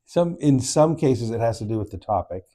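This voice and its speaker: A man's voice: medium pitch, animated, normal speed, crowd noise. A man co-hosting a podcast in casual conversation, mostly giving brief, agreeable replies. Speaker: podcast co-host. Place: indoors, in-person studio.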